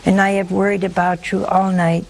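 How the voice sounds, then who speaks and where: A woman voicing a gentle male friar who speaks calmly and earnestly. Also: mid-range voice, slow, a little hiss or hum, low-quality recording. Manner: calm, earnest. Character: gentle, calm male friar, kind and simple.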